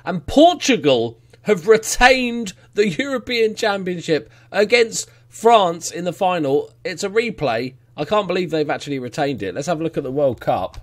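A man casually commentating his football management game, getting excited, cheering goals and swearing now and then. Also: on the high side. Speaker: let's play gamer.

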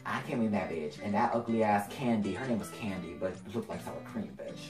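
A man's voice: on the low side, expressive, a little fast, roomy sound, far from the mic, over music. Sassy, profane young man telling a story. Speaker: vlogger. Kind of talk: storytime vlog.

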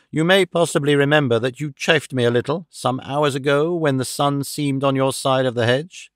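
A man doing a calm, amused master detective. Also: mid-range voice, no room sound, studio quality, lightly acted. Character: calm, clever, theatrical male detective. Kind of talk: audiobook character reading.

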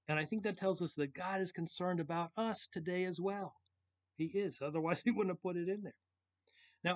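Guy pastor doing a little devotional talk, says stuff twice, kinda muffled audio. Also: a little high. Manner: repeats key phrases for emphasis. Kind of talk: devotional sermon.

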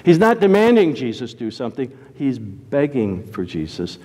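A man preaching a sermon, animated, jumping from loud exclamations to quiet asides. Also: medium pitch, moderate pace, in a large hall.

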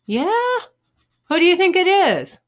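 A woman's voice: very high-pitched, sing-song, a little slow, voice pushed up, exaggerated voice. A woman doing a cocky schoolboy. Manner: casual, offhand. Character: cool, cocky fourth-grade boy.

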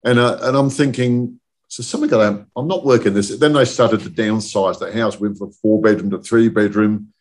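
Low-voiced guy in his 60s, chatty, rambling yarns, keeps saying okay?. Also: normal speed, a little mellow. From southern England. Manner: rambling anecdotal storyteller, often checks in with "okay?". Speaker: guest, industry chief executive. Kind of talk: casual podcast chat.

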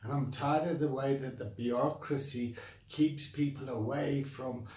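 A man's voice: medium pitch, steady tone, unhurried, a little mellow, reverberant, far from the mic. A man with a South African accent who founded a coaching academy, bluntly venting his frustration straight to the camera with sighs and repeated complaints. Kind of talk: direct-to-camera rant.

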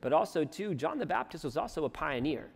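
A pastor delivering a conversational sermon from the pulpit, reading scripture and adding joking asides. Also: male voice, fairly high pitch, animated, a little fast, gravelly, slightly rough. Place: church sanctuary. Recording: long reverb of a church hall.

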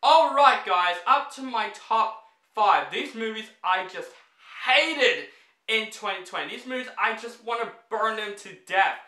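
Casting note: a male movie reviewer with a high, bright voice, fed-up ranting delivery, echoey room. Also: expressive, a little slow, a little hiss or hum. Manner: exasperated, blunt, swears freely.

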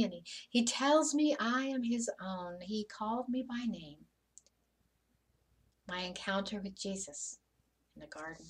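A woman in a church service playing a joyful, grieving disciple who has just seen her risen teacher, telling it in first person with stammering repeats and soft whispers. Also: a little high. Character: Mary Magdalene, woman disciple, joyful witness. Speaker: dramatic monologue in a church service. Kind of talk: first-person sermon monologue. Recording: voice from some distance off the mic.

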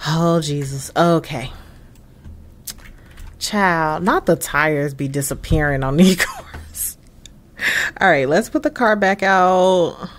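A young woman giving casual gameplay commentary, expressive and exclaiming often as she talks to her viewers. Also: low voice, slow, long pauses, a little hiss or hum. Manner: frequent laughs. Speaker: gaming channel host.

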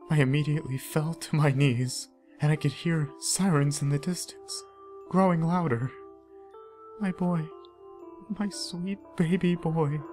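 A man's voice: fairly high pitch, darkish tone, lightly acted. Man voicing a distraught, shaken young mother. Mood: grieving. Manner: breathless, shaken storytelling with emotional outbursts. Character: distraught young mother, grief-stricken, terrified. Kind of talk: scripted horror story narration. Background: background music.

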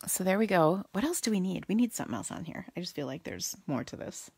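A woman's voice: on the low side, very animated, fast talker, breathy edge, no echo. A woman hosting a casual live card-making demo, chatty and goofy, talking to viewers and muttering to herself as she works.

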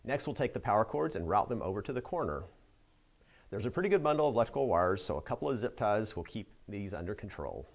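A man's voice: lowish voice, sing-song, fast talker. A man narrating a scripted how-to as a Christmas lighting expert answering a viewer question, with an upbeat instructional delivery.

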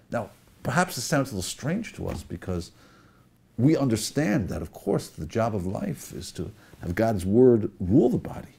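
A man who is a rabbi, giving an animated sermon-style Torah lecture and explaining points directly to his listeners. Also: lowish voice, normal speed, gravelly, breathy edge.

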